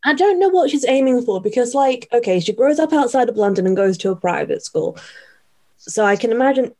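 A woman's voice: a little high, lively intonation, a little fast, darkish tone. A woman co-hosting a casual chat, telling the story in a wry, playful way. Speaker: podcast co-host.

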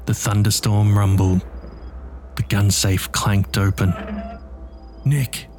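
Low-voiced man narrating a tense story. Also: monotone, measured pace, over music. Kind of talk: scripted narration.

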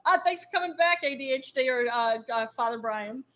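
A woman's voice: high voice, animated, fairly quick, a bit bright. A woman co-hosting a casual podcast, rambling and laughing often as she reads out listener comments. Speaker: podcast co-host.

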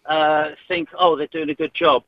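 A man's voice: a little high, flat delivery, moderate pace, dry recording. Man, phone-in caller, hesitant, dull phone sound, dry. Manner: hesitant, restarts often. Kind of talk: phone-in call.

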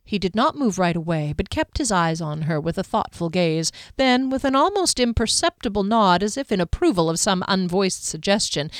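A woman narrating a fantasy audiobook in a measured, even storytelling manner. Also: medium pitch, no echo, clean studio sound.

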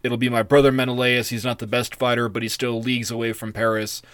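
A man's voice: mid-range voice, flat delivery, fast, fairly bright tone, clear, resonant tone, dry recording, studio quality, lightly acted. A man voicing a crude, swaggering male warlord king in casual modern slang.

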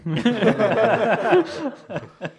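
A man's voice: high voice, sing-song, very slow, husky. A young man co-hosting live comedy, delivering dry, wry quips and storytelling. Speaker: comedy co-host.

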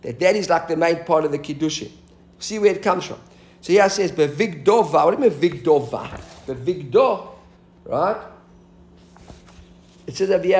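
A man's voice: a little high, a little mellow, echoey room. A man teaching a Talmud class, explaining the text and asking his students questions as he goes.

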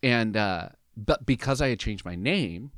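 A man in his fifties, a podcast guest, telling a personal story in conversation, animated, often adding "like" and "right?". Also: lowish voice, unhurried, no echo, clean studio sound. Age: 50s. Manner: animated, acts out other people's lines in raised voices; peppers his talk with "like" and "right?".

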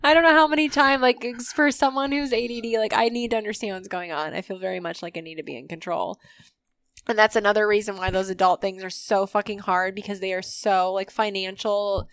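A woman chatting casually on a podcast, animated and quick to laugh, swearing freely and using many fillers. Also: mid-range voice, smooth, no room sound, studio quality. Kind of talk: casual chat.

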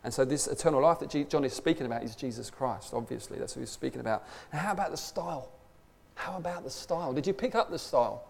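A man's voice: mid-range voice, fast talker, gravelly, darkish tone. A man preaching a conversational sermon, emphatic and full of rhetorical questions. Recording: long hall reverb.

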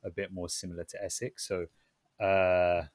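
A podcast co-host with a London accent chats in a relaxed, easygoing way, peppering his speech with street slang. His voice sits a little low for a man. It is recorded dry and close, with no room sound. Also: moderate pace, dry recording. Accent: London English. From United Kingdom. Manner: laid-back, uses London slang. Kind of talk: casual chat.

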